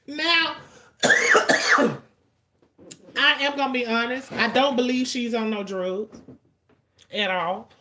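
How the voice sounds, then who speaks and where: A woman, giving casual, blunt and profane commentary in an animated storytelling way. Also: a little high, a little slow, long pauses.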